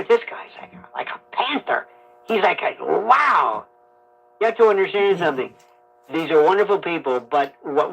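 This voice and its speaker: A man hosting a call-in radio talk show, fast and jokey, telling rambling stories over an AM broadcast. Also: sits high, gravelly, a bit bright, breathy edge. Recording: AM radio broadcast, slightly muffled.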